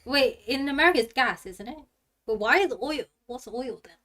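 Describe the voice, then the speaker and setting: A woman's voice: high-pitched, moderate pace. Giggly woman with a London accent. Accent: London English. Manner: giggly, relaxed. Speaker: podcast guest. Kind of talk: casual chat.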